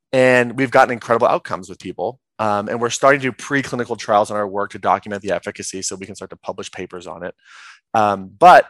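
A man's voice: medium pitch, fairly bright tone, no room sound. Earnest man explaining in a dry room. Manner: earnest, fast, many "like" and "right?". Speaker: guest, trauma practitioner. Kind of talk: explanatory podcast talk.

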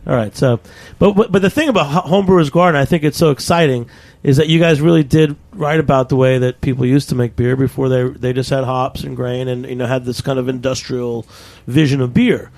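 A man's voice: medium pitch, steady tone, brisk, creaky, few pauses, darkish tone. A man hosting a radio talk show, speaking with eager enthusiasm and rambling questions. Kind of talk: casual radio chat.

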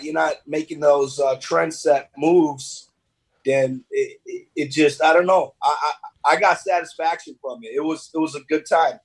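A man guesting on a casual podcast interview, relaxed and streetwise, often repeating words and calling the host "bro". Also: on the high side, breathy edge, low-quality recording. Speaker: podcast guest, business owner.

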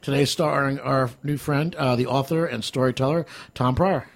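A man's voice: medium pitch, fairly even intonation, normal speed, vocal fry. A man co-hosting a radio talk show, joking and laughing often in casual banter. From New Jersey. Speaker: co-host.

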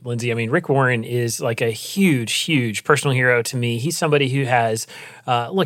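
A man's voice: mid-range voice, a bit bright, no echo, clean studio sound. A man co-hosting a news talk show, giving earnest, emphatic commentary with frequent restarts. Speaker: co-host, commentator. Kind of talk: opinion commentary.

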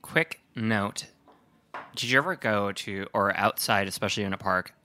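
A man's voice: lowish voice, normal speed, pushed and bright, slight background noise. A man co-hosting a casual podcast, telling stories and ranting jokily. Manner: ranting, storytelling, jokey. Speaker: podcast co-host. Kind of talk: casual chat.

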